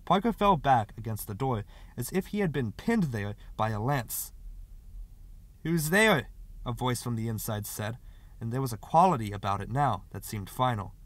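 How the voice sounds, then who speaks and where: A man reading a short story aloud as an audiobook narrator, in expressive scripted narration. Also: medium pitch, normal speed, no echo.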